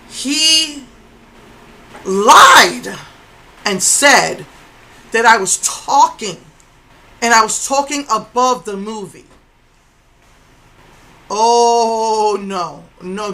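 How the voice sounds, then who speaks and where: A woman's voice: on the high side, takes it slowly, long pauses, pushed and bright, rough recording. A middle-aged woman casually recounting a confrontation, indignant, repeating herself and acting out what others said. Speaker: vlogger recounting an incident. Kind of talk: casual storytelling to camera.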